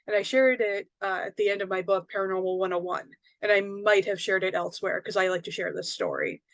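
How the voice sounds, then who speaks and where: A woman's voice: mid-range voice, lively intonation, fairly quick, no room sound. A woman, a psychic medium and author, telling a personal story in a casual, rambling way, full of fillers and tag questions.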